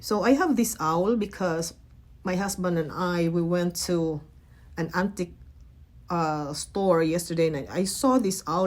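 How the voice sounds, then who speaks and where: Woman, middle-aged, slightly low voice, casual craft tutorial, chatty, gentle, lots of fillers. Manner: chatty, gentle, frequent fillers and self-corrections. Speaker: craft vlogger.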